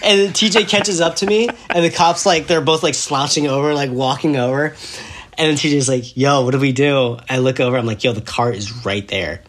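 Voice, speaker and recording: A young man with a fairly high voice speaks briskly while casually telling a story as a podcast guest. He's lively, laughing as he acts out people's words.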